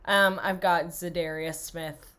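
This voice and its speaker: A woman's voice: lowish voice, steady tone, slow, a bit bright, clear, resonant tone. A young woman co-hosting a casual sports podcast, chatty and enthusiastic, laughing often. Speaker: podcast co-host.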